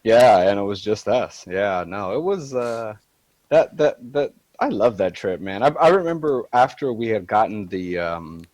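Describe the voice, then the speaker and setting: A man's voice: on the low side, lively intonation, normal speed, a little mellow, no echo. A man guesting on a podcast, reminiscing in a rambling way with frequent laughs and trailing restarts. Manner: rambling, laughs a lot, many restarts and fillers. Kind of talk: casual chat.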